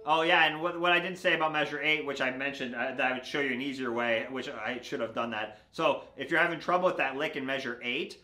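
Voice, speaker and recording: A man teaching a beginner banjo lesson in a relaxed, step-by-step way, often checking in with "right?". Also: mid-range voice, fast, few pauses, soft background music. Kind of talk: casual instructional talk. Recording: echoey room with loud banjo. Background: banjo playing.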